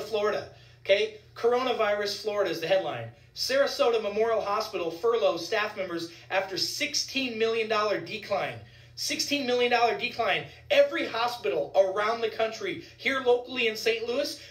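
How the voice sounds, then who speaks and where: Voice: mid-range voice, fairly bright tone, far from the mic. A physician giving heated vlog commentary, indignant and ranting, repeating points for emphasis. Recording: echoey room, voice set back from the mic.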